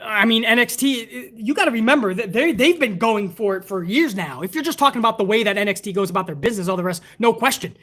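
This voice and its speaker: Speaking quickly with hardly any pauses, a man with a high, fairly bright voice hosts a casual wrestling livestream from the United States. He's a wrestling podcast host who reads out donations and goes on heated, profane, rambling rants.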